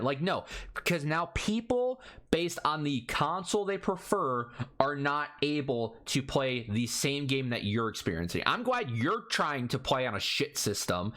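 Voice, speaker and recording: High, animated young man ranting. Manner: angry profane rant, fast and animated. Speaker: podcast co-host. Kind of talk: casual ranting chat.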